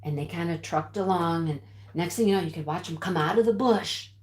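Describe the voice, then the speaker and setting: A woman's voice: on the low side, a little fast, close to an everyday voice. An actress playing a chatty middle-aged woman who tells viewers a dramatic rooster story in a breathless, giggling way. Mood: animated. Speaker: livestream storyteller. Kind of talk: sketch comedy monologue to viewers. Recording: roomy echo.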